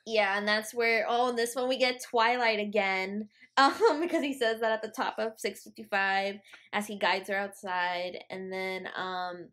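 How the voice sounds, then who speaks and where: A woman co-hosting a podcast, chatting casually about a book with animated, outspoken reactions. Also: mid-range voice, unhurried. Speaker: podcast co-host. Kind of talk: casual book-recap chat.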